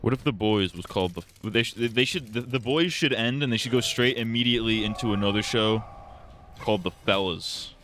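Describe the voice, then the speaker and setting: A man's voice: lowish voice, brisk, fairly bright tone, a little hiss or hum. A man streaming live, chatting casually in a profane, rambling, jokey way full of restarts.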